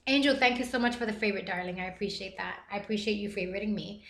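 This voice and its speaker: A woman's voice: mid-range voice, very fast, reverberant. A woman hosting a live stream, reading chat messages aloud and talking earnestly and emotionally. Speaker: livestream host reading chat. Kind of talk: casual live-stream talk.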